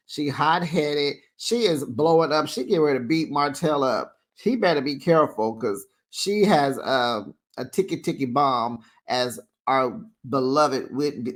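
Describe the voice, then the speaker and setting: A host recapping a reality show in a casual, chatty way, with playful shade and lively asides. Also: medium pitch. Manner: animated, chatty, playfully shady.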